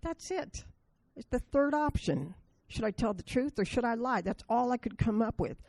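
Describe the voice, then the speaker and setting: A woman's voice: a little high, expressive, moderate pace, gravelly, darkish tone, no room sound. A woman speaking at a recovery meeting, telling blunt, self-deprecating stories to the group.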